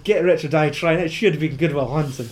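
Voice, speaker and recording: A man's voice: fairly high pitch, quick pace. A man co-hosting a casual film chat, rambling and sweary with lots of fillers. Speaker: podcast co-host.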